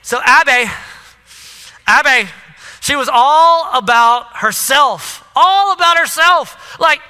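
Preacher, male, lively storyteller with a very high, bright voice, echoey sanctuary sound. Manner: animated storytelling, addresses the crowd. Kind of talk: sermon. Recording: echoey hall.

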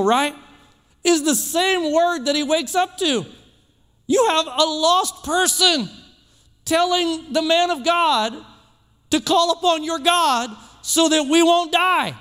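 High bright preacher guy, emphatic, keeps repeating and building, church echo all around. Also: slow. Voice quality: emphatic, repetitive, builds to shouts. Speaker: pastor. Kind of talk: sermon. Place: church sanctuary.

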